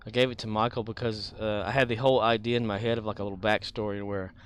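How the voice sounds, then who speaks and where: A man's voice: fairly low pitch, flat delivery, fast talker, a bit bright, clear, resonant tone. A man streaming a game, thinking aloud and muttering, with offhand swearing. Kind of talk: casual gameplay commentary.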